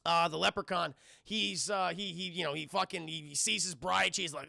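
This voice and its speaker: A man recapping a film scene by scene to his stream chat, animated and profane, rambling with many fillers. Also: high-pitched, normal speed, gravelly, hardly any pauses, no echo, studio quality. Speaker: streamer reviewing films.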